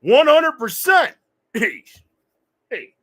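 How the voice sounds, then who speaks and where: A man doing a gruff streetwise boxer impression. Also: extremely high pitch, big pitch swings, slow pace, pushed and bright, voice pushed up, heavily acted. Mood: cocky.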